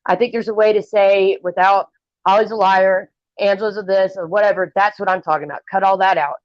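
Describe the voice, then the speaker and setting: A woman's voice: mid-range voice, steady tone, a little fast, dry recording. A blunt, opinionated woman talking at length in a casual livestream chat. Her voice sits in a middle register. The stream audio is dull and lo-fi, with a dry sound.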